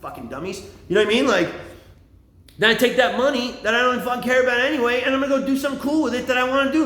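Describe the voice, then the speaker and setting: A man in his forties rambles through a profane comic monologue in a high, lively voice. He drops into low mumbles and jumps up to shouts, and the room around him rings with echo. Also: a little hiss or hum.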